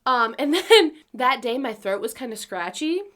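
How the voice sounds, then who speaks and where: Giggly, chatty young woman, fairly high voice. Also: big pitch swings, moderate pace, fairly bright tone. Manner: chatty, giggly, swears casually. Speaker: podcast co-host. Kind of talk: casual chat.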